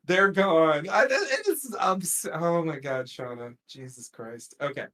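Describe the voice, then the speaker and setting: A podcast host talks through a TV episode at an unhurried, drawn-out pace, circling back with fillers and side comments. The delivery is loose and conversational, a casual recap among friends. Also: medium pitch, sing-song, a bit bright. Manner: rambling, many fillers and trailing asides.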